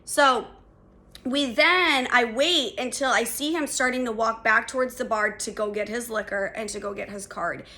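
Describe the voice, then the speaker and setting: A young adult woman hosting a podcast, telling a story in a casual, animated way, with lots of filler words and swearing. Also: fairly high pitch, moderate pace. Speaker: podcast host.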